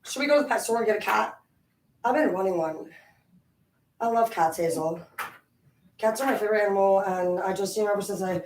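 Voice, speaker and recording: A woman rambles on at home with frequent swearing, her talk loose and animated. Her voice rings in an echoey room and sits some distance from the mic. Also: mid-range voice, fairly quick, long pauses, a little hiss or hum. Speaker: vlogger. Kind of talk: rambling casual monologue. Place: home, indoors.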